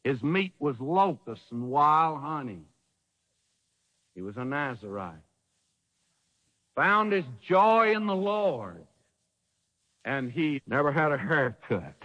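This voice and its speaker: A man preaching a sermon with emphasis, rhetorical questions and dramatic pauses. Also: sits high, very animated, bright, forceful tone, big-room sound.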